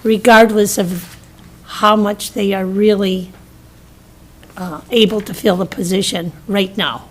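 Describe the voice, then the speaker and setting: A woman's voice: mid-range voice, fairly even intonation, slow pace, low-quality recording. A woman commissioner asking questions at a public meeting, hesitant with many restarts. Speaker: county commissioner.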